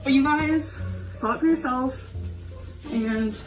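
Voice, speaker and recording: A young woman with a high-pitched voice speaks at a slow pace while cooking at the stove, vlogging casually to camera. Her talk is loose and rambling, heavy on "like," and she sounds a little winded. Music plays in the background of her echoey home kitchen.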